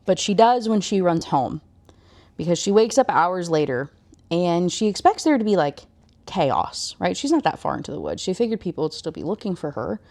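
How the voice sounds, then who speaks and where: A woman's voice: on the low side, big pitch swings, moderate pace, a little mellow. Gushing woman recapping a book. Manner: enthusiastic, full of "like" fillers. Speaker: book reviewer.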